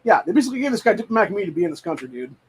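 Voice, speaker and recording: Husky-voiced man ranting profanely. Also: sits high, very animated, very fast, low-quality recording. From United States. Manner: profane, heated, rambling with frequent "dude". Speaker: show host. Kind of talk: casual political rant.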